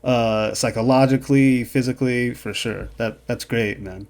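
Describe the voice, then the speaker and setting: A man's voice: medium pitch, steady tone, moderate pace, darkish tone, soft background music. A man hosting a podcast, chatting casually and supportively, often adding "man". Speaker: podcast host. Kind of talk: casual interview chat.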